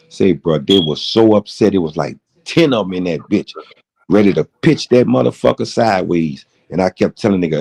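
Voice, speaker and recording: A middle-aged man rants through a late-night livestream, his voice deep and dark. He rambles from one point to the next and swears freely as he tells his story. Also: moderate pace. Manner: rambling, profane, heated storytelling. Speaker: livestream host.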